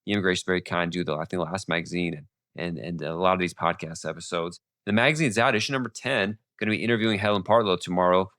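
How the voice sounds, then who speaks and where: Male podcast host, very low voice, quick and rambling, sore throat, close dry mic. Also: a bit bright, no room sound. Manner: fast-talking with many restarts and fillers. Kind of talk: casual monologue on legal updates.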